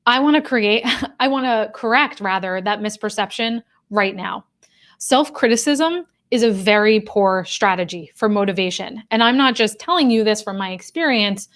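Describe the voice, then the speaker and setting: A woman's voice: mid-range voice, moderate pace, a bit bright. Female coach, live-stream talk, direct and conversational with her audience. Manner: direct, conversational, addresses viewers. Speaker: career coach and professor of human behavior.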